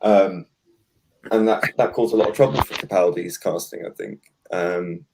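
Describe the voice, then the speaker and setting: A man with a lowish voice holds forth in a relaxed chat. He stumbles over his words and restarts often, yet his opinions come out firm. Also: moderate pace, background noise. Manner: hesitant, many restarts and fillers, opinionated. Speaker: podcast host. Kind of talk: casual chat.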